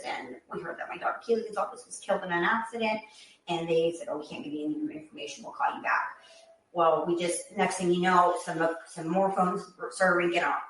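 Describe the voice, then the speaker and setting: A woman's voice: fairly low pitch, a bit bright. Middle-aged woman, grieving mother, emotional retelling, repeats phrases, heard from far off in an echoey room. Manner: repeats phrases, acts out quoted voices. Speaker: mother of a victim.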